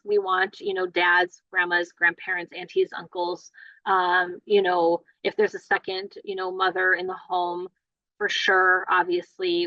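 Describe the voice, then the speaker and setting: A woman's voice: mid-range voice, fairly bright tone, no echo. A woman play therapist giving a conversational training lecture, with frequent fillers and asides. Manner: conversational, many "you know" fillers. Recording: dull lo-fi dry audio.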